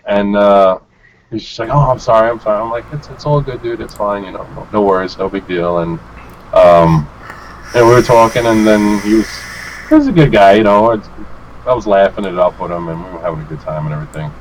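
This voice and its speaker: A fairly low-voiced man, a vape reviewer on as a guest, relates a wandering story in a relaxed, chatty fashion at a fairly quick clip. He's animated, interjecting into other people's lines, swearing liberally and laughing as he acts out quotes. The low-quality recording carries a faint hiss.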